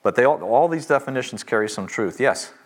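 Casting: middle-aged male Bible teacher, emphatic, repeats key lines slowly. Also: mid-range voice, lively intonation.

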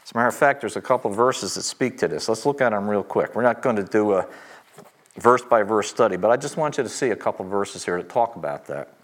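Casting: middle-aged male Bible teacher, emphatic, repeats key lines slowly. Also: lowish voice, lively intonation.

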